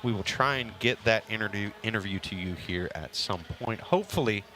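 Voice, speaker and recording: A man's voice: fairly low pitch, a little fast, pushed and bright, a little hiss or hum. A man calling a casual kickball game as play-by-play commentator, chatty and joking with his partner.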